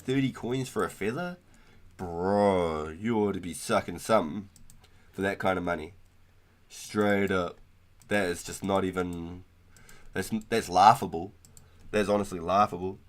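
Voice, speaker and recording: A young man, chatting casually and rambling on a gaming livestream, full of slang like "bro". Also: deep voice. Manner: laid-back, slangy, rambling with frequent "bro" and "like". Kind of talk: casual gaming stream chat.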